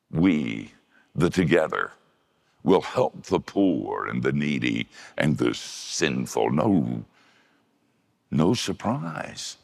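An older man preaching in a gravelly, very deep voice, slow and unhurried, his pitch swinging widely as he leans into a point. The sound carries a long reverb, like a large hall. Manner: gravelly, folksy storytelling with shifts into high voices for quoted women. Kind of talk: sermon.

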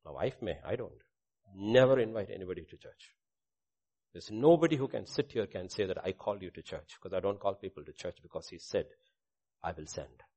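A middle-aged male pastor preaching a sermon with a personal testimony, swinging between loud proclamation and hushed asides. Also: low-pitched, expressive, fairly quick.

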